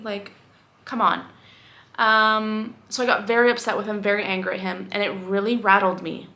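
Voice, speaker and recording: A woman's voice: mid-range voice, steady tone, a little fast, creaky, sharp tone. Candid, rambling young woman vlogger. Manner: candid, rambling, self-reflective, with frequent fillers. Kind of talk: casual talking-head vlog.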